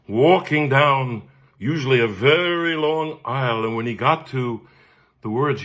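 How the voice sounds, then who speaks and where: A man, a cantor telling a humorous personal story with animated delivery and frequent laughs. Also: medium pitch, a little slow. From Brooklyn, New York. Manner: animated, laughs often, acts out voices.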